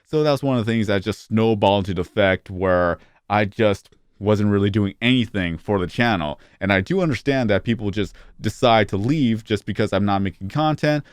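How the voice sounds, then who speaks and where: A man's voice: fairly low pitch, moderate pace, hardly any pauses, clear, resonant tone, no echo, clean studio sound. A man in his thirties talking to his phone camera in a casual vlog, rambling and often restarting or stuttering. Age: 30s. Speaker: YouTuber.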